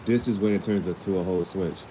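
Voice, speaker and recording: A man's voice: low-pitched, fast talker, noisy background. A man casually recapping a TV episode in slangy, rambling speech with many restarts. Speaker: vlogger.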